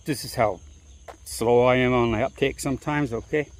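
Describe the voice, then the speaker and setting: A man's voice: mid-range voice, expressive, fairly quick. A man vlogging as he walks, telling a story in a rambling, chatty way full of restarts and asides. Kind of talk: casual storytelling on a walk.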